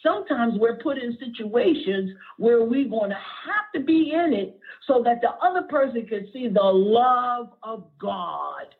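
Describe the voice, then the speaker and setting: A woman's voice: fairly high pitch, expressive, measured pace, vocal fry, few pauses, slightly rough. A middle-aged woman pastor preaching a sermon with passion, at times close to tears, calling for responses from the congregation. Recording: tinny phone-like audio.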